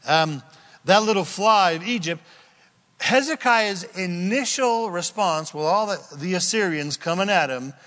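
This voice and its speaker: A man preaching an expository sermon in a folksy, animated style with storytelling asides. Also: high-pitched, unhurried. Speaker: pastor. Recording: echoey hall.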